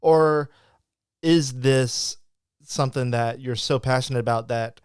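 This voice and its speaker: A man's voice: mid-range voice, unhurried, clean tone, no echo, studio quality. A man hosting a live podcast interview, chatting casually and rambling, with lots of restarts and acted-out quotes. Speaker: podcast host.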